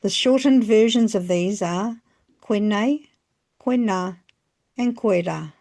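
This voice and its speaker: A woman narrating a scripted language lesson, phrasing each example slowly and carefully. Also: mid-range voice, darkish tone. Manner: slow, careful phrasing with pauses between examples. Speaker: language teacher.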